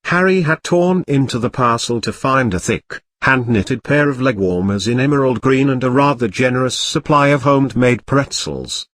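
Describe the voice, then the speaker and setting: A man narrating a comic storybook parody in a deadpan reading style. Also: medium pitch, moderate pace, few pauses, no room sound.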